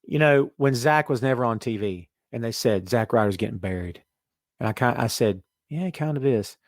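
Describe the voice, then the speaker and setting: Animated man hosting a wrestling podcast. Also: medium pitch, normal speed, dry recording, clean studio sound. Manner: animated, reads listener comments aloud. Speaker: podcast host. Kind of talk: casual wrestling podcast chat.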